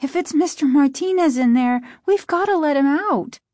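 A woman's voice: high-pitched, animated, moderate pace, a little mellow, no room sound, studio quality, voice pushed up. A woman voicing a frightened young girl in a spooky storybook, speaking in a panicky, urgent way. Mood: scared, urgent. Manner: panicky, breathless pleading.

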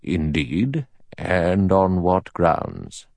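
A man voicing an elderly judge with a thin, sour, acid voice who speaks slowly and precisely. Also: low-pitched, very animated, gravelly, darkish tone, dry recording, exaggerated voice. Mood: measured. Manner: slow, measured, dry.

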